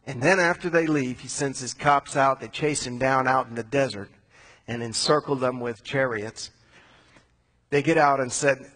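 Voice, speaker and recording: Husky-voiced preacher telling a story. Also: male voice, mid-range voice, moderate pace, low-quality recording. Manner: casual, animated storytelling with slang asides. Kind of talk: sermon retelling a Bible story, conversational.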